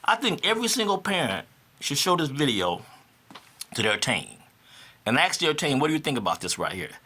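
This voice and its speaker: A man in his fifties tells his story to the camera in a lively vlog. His voice is bright and sits a little high, and it swings widely in pitch. He repeats phrases for emphasis and climbs into indignant bursts. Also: moderate pace, slightly rough. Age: 50s. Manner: animated, repeats himself for emphasis; rising to indignant outbursts. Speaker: vlogger. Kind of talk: casual vlog monologue.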